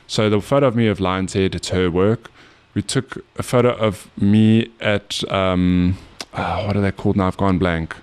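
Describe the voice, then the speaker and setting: A man's voice: deep voice, steady tone, moderate pace, few pauses, a little mellow, smooth. A man in his thirties with a South African accent and a nasal voice, co-hosting a casual podcast and telling stories with frequent laughs. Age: 30s. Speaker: podcast co-host. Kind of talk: casual chat.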